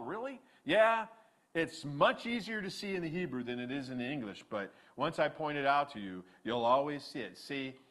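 A male pastor delivering a sermon with animated, emphatic preaching. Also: a little high.

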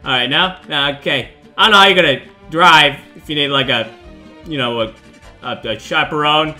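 A man playing a horror game and commenting on it in a goofy, joking, excitable way. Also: a little high, moderate pace, faint music behind. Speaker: gaming video host.

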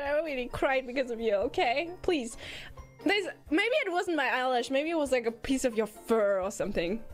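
A woman streamer chats playfully with a very high voice that swoops all over the place. She giggles and teases as she talks, with faint music behind her. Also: a bit bright. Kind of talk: casual stream chat.

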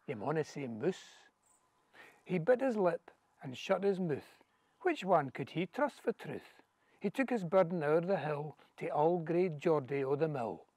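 A man's voice: a little high, darkish tone, no room sound. Scottish man reciting rhythmic verse. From Scotland. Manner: rhythmic, measured recitation in Scots dialect. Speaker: poetry reader. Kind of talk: poetry reading. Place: outdoors, back garden.

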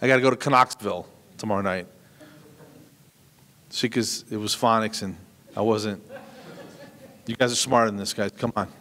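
A man's voice: lowish voice, steady tone, moderate pace, pauses often, bright, forceful tone. A man in his fifties doing a stand-up comedy set, rambling and self-deprecating, with many restarts. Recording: long hall reverb.

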